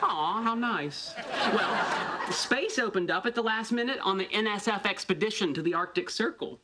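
An actor playing a pedantic, self-absorbed young physicist who talks in a precise, lecturing, oblivious way in a sitcom. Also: male voice, high-pitched, animated, normal speed, heavy background noise. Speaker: theoretical physicist character. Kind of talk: sitcom acting. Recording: sitcom with loud audience laughter.

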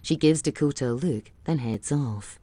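A woman reading scripted audio description of a film, calm and even. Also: extremely low pitch, moderate pace, breathy edge.

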